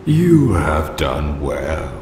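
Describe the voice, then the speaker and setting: An actor voicing an ancient male flame spirit in a game, speaking in a slow, solemn, old-fashioned way as he judges others. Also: very deep voice, wildly swooping pitch, gravelly, heavily acted. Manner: solemn, archaic, slow and grave. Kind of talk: game voice acting. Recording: echoey with loud background noise.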